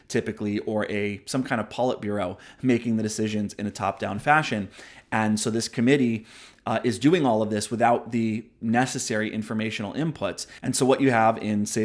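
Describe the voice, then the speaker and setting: A man hosting a book review show, explaining ideas in casual spoken commentary, often checking in with "right?" and admitting when he digresses. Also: fairly low pitch. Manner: conversational, explains ideas with frequent "right?" tags; self-aware digressions.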